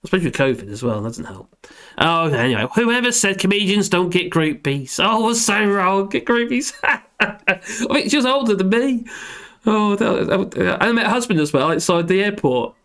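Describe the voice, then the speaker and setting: A hoarse man rambling and joking through a casual livestream chat, reading out comments. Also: high-pitched, animated, normal speed, fairly bright tone. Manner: rambling, self-deprecating, laughs often. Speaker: livestream host.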